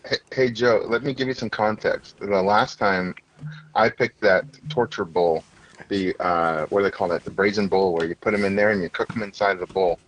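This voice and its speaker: A man's voice: on the low side, normal speed, lo-fi sound, slight background noise. A man hosting a casual group podcast, joking and cutting in with banter. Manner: playful, joking, interjects often.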